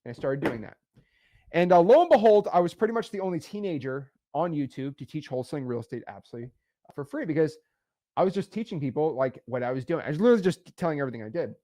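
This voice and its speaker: A man in his twenties, a real estate wholesaling educator, talking emphatically and repeating himself as he pitches directly to the camera. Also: expressive, mellow. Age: 20s. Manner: emphatic, repetitive, fast-talking, self-assured.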